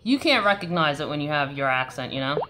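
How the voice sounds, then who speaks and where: A woman's voice: sits low, very animated, fast, bright, forceful tone. A woman with a Long Island New York accent, hosting a casual live stream and answering viewer questions in a chatty, coaching way.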